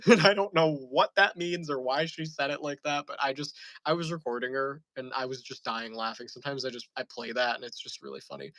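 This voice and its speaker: Bright-voiced man rambling casually. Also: medium pitch, brisk, dry recording, low-quality recording. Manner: rambling, amused storytelling with frequent fillers. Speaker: channel host.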